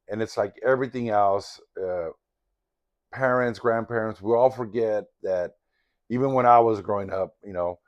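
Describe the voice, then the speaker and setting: A man's voice: lowish voice, darkish tone, muffled recording. An older man telling a personal story in a casual, rambling, candid and reflective way. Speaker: vlogger in sobriety recovery.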